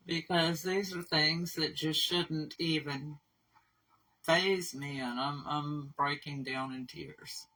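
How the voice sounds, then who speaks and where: Woman rescue organizer, bright raspy voice, rambly vlog talk. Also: low voice, steady tone. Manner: candid, rambling, halting with fillers. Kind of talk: casual vlog update. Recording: voice somewhat far from mic.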